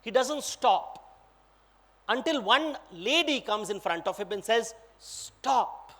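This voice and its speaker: A man's voice: high-pitched, measured pace. A man with an Indian accent, a guest speaker telling a myth to a big audience. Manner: lively, dramatic storytelling. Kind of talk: storytelling talk. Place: large auditorium.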